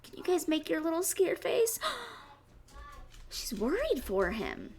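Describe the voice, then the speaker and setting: Animated woman reading a picture book aloud to children. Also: fairly high pitch, moderate pace, slight background noise. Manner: animated, with sudden gasps, whispers and questions to the kids. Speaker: children's librarian. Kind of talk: storytime read-aloud for children.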